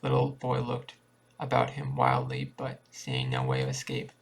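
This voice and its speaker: A man reading a short story aloud in a plain, steady way with small restarts. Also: rumbling low, moderate pace. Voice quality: creaky. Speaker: reader.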